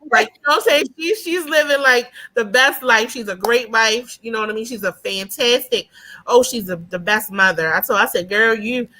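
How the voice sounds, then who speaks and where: A woman's voice: on the high side, fairly quick. A woman, chatting as a podcast guest and telling stories. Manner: animated storyteller, often asks "you know what I mean". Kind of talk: casual podcast conversation.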